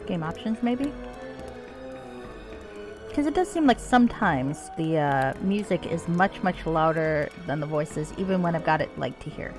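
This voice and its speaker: A woman streamer gives loose, sweary, self-mocking commentary while she plays. Her voice sits fairly low but moves around a lot in pitch. Soft game music plays in the background. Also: expressive, measured pace. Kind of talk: casual gameplay commentary. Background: faint game music.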